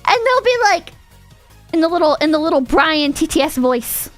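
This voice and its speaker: A woman's voice: high voice, very animated, normal speed, faint music behind. A young woman streamer chatting casually, rambling and swearing as she rants and thanks donors. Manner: rambling, profane, ranting. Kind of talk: casual livestream chat.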